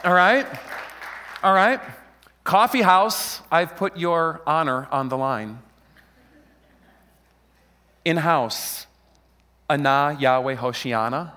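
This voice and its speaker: Bright high-voiced joking pastor. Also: male voice, animated, slow pace, long pauses. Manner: playful, joking crowd-rallying preacher. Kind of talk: lively Palm Sunday sermon. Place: church hall with a live congregation. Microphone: handheld mic. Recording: long hall reverb.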